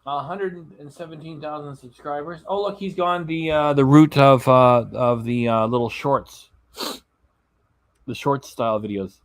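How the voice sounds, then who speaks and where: A reaction channel host, tired and yawning, reads his live chat aloud in a casual stream, stumbling on names. He speaks a little slowly in a slightly high voice with fairly even intonation, and the recording is dry.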